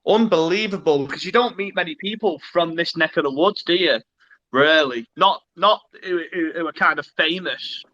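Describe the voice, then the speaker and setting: A man from Cheshire with a northern English accent hosts a relaxed online chat, calling his guest "bro". His voice sits high and sounds very sharp and bright. The audio is dull and lo-fi. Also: normal speed. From Cheshire, England. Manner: laid-back, matey, calls guest bro. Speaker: host. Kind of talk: casual online interview chat.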